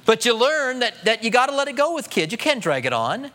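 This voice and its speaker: Middle-aged pastor guy, high bright voice, chatty sermon. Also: sing-song, a little fast. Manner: conversational preaching, acts out quoted voices.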